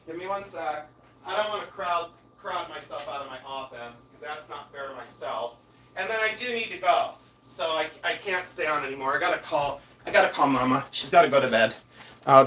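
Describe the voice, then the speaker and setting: A man from Ohio chats loosely on a jewelry livestream, in a somewhat high voice. He rambles and gets excitable, breaking off to talk to the chat. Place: his office.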